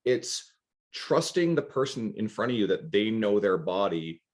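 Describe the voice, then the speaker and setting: A man hosting a podcast, chatting casually and quickly, with offhand swearing. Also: on the low side, very animated. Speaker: podcast host.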